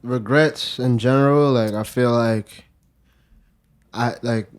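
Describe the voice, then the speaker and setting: Podcast guest: relaxed man, joking, slang-heavy, mid-pitched voice. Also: takes it slowly, clear, resonant tone. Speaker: podcast guest, music producer. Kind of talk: casual chat.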